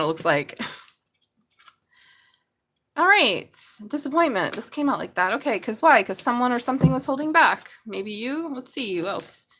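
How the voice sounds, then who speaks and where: A woman's voice: a little high, pushed and bright. A woman doing a live tarot reading, chatty and blunt, swearing and laughing as she talks. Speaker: tarot reader.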